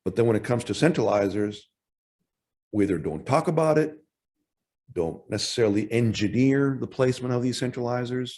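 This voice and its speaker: A man giving a technical presentation at an industry workshop, talking in a halting way with frequent restarts and self-corrections. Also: medium pitch, dark tone.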